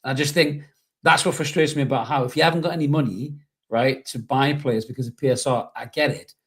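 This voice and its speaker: A man's voice: mid-range voice, steady tone, brisk, a bit bright. A man hosting a casual fan podcast, rambling and reading out viewer messages, with lots of "you know". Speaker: podcast host.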